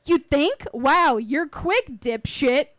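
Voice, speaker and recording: Furious, cursing young sister, high-pitched and loud; woman acting it. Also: expressive, slow pace, no room sound, full character voice. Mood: sarcastic. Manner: screaming, cursing, sarcastic. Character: furious foul-mouthed young adult sister.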